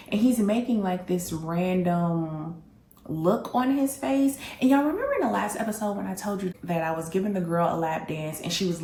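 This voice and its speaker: A woman hosting a candid storytelling vlog, telling her story in an animated, blunt way and speaking straight to her audience. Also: fairly low pitch, roomy sound. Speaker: vlog host.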